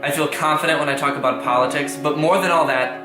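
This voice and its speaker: A man's voice: on the high side, steady tone, fast talker, echoey room, music in the background, close to an everyday voice. A young man playing an earnest fan in a parody testimonial ad.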